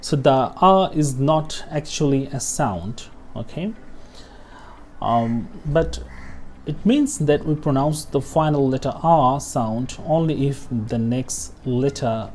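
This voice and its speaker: A man's voice: medium pitch, lively intonation, slow, darkish tone, a little hiss or hum. A man teaching pronunciation over a lesson walkthrough, repeating example words and often checking in with "okay?". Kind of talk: screen-share lesson walkthrough.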